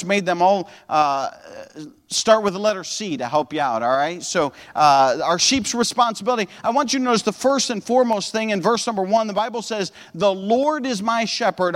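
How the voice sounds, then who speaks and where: A man's voice: high voice, a bit bright, big-room sound. A man preaching a sermon in a church auditorium, earnest, often repeating words and saying uh.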